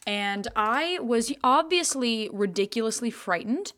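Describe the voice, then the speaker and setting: A woman's voice: on the high side, lively intonation, measured pace, fairly bright tone. A young adult woman co-hosting a podcast, telling a story in casual chat, swearing freely and laughing often. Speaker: podcast co-host.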